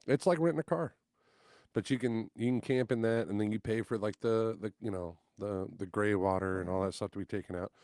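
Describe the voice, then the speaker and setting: Low-voiced man telling stories. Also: a little fast, no room sound, studio quality. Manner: animated, acts out quotes loudly. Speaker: guest musician. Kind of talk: casual storytelling chat.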